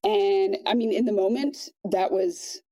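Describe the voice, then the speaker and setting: A woman guest on a podcast, recounting a personal experience in a quiet, measured way with frequent restarts. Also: medium pitch, dry recording, poor audio. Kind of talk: personal storytelling in conversation.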